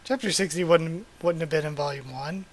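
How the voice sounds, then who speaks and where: Excited male host doing a live manga reaction, gushing, with a slightly high voice. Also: brisk. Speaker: channel host.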